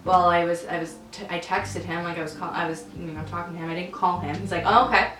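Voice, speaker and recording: A woman's voice: fairly low pitch, steady tone, quick pace, fairly bright tone, a little hiss or hum. A woman co-hosting a podcast, telling serving stories in a casual, profane way. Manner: casual, profane, quotes people in put-on voices. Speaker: podcast co-host. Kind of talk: casual storytelling chat. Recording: echoey room, distant mic, music underneath.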